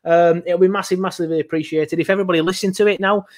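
High-voiced grumbling man. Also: steady tone, rapid-fire, darkish tone. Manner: sarcastic, grumbling mock complaints. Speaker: podcast co-host and producer. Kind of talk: casual podcast banter.

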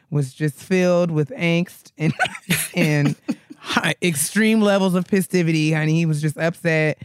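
A man's voice: fairly high pitch, clean tone, dry recording, clean studio sound. A man co-hosting a casual chat, sassy and dramatic, laughing often. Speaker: podcast co-host.

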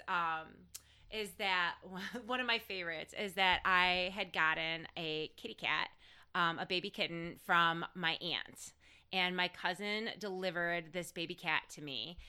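A woman co-hosting a podcast, talking in quick, expressive casual chat and laughing often. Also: on the low side, clean tone. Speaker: podcast co-host.

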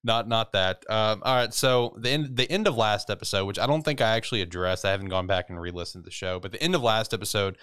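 A man's voice: lowish voice, fast, hardly any pauses, a bit bright, clean tone. A man co-hosting a podcast, recapping an anime episode in casual, rambling chat, swearing freely and laughing often.

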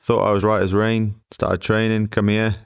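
A low-pitched man chats loosely through a funny anecdote, laughing as he goes. His voice is smooth and clear, recorded dry and close to the mic. He rambles with restarts and easy humor. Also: flat delivery, moderate pace, no echo, dull audio. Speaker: podcast co-host. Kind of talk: casual storytelling chat.

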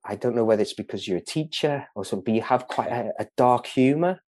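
A man's voice: medium pitch, fast talker, darkish tone, dry recording. A man from England in casual conversation, talking in a hesitant way with many fillers and restarts, laughing often. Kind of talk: casual chat.

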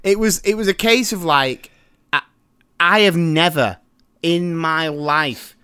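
Slow and a little high, this podcast host's voice is pushed and bright, clear and resonant, on a dry recording. He chats casually, makes self-mocking jokes, and restarts his sentences when he gets nervous.

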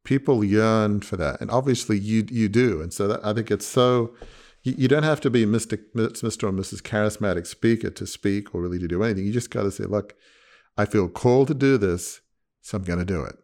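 A man's voice: lowish voice, fairly quick, a little mellow. A man hosting a podcast interview, talking in an earnest, emphatic way and repeating his key points. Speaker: podcast host. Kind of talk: conversational interview.

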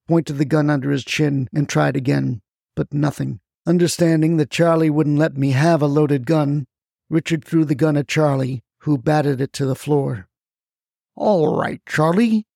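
A man's voice: fairly high pitch, creaky, warm tone, dry recording, clean studio sound. A man narrating a first-person story in a scripted, wry storytelling manner.

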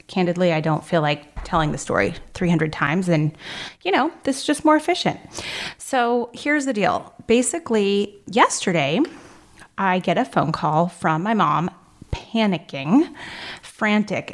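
A woman in her thirties hosting a podcast, telling a personal story in a casual, animated way and acting out the lines she quotes. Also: on the low side. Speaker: podcast host.

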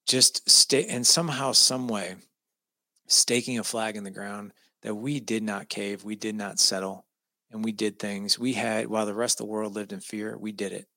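Low, gravelly male guest, bright and emphatic, moved as he tells a family story; dry close sound. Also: fairly even intonation, normal speed, no echo. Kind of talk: personal storytelling.

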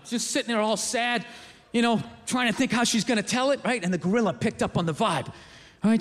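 A man doing stand-up comedy on a theater stage, ranting, profane and animated. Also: high voice, quick pace. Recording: reverberant theater, faint noise.

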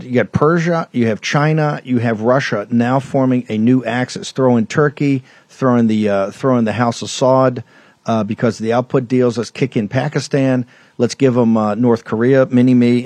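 A man's voice: medium pitch, fairly even intonation, brisk, a little mellow, no room sound. Guy hosting a political show, heated and rambly, dry close mic. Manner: emphatic, combative, rambling with restarts. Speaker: show host. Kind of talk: political talk show rant.

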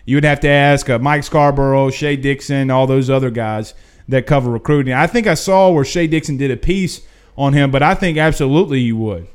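A man hosting a casual livestream, answering chat questions in an excitable, emphatic, repetitive way. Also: medium pitch, brisk, clean tone. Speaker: livestream host.

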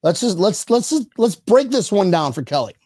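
A man hosting a casual sports podcast stream, loud and crude, laughing often as he jokes with his co-host. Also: high-pitched, very animated, normal speed, slightly rough, dry recording, clean studio sound. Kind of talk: casual banter livestream.

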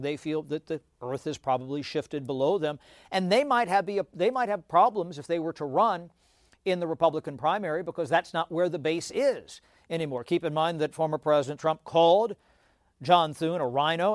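Fast-explaining man with stammered fillers. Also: fairly high pitch, dry recording, studio quality. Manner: rapid, stammering restarts with many "you know" fillers. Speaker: political analyst guest. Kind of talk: explanatory political analysis.

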